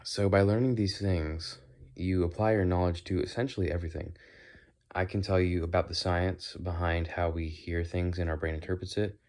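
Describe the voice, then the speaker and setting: A man's voice: low-pitched, fairly even intonation, normal speed, a little mellow. A young man rambling opinionated thoughts while walking outdoors, now and then playing with silly accents and sounds. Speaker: vlogger. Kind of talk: casual walking monologue.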